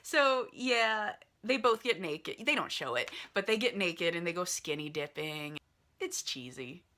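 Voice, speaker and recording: A woman's voice: lowish voice, animated, measured pace, bright, forceful tone. A woman casually retelling a movie's plot in a chatty, filler-heavy way, like talking to friends. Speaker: vlogger reviewing a movie.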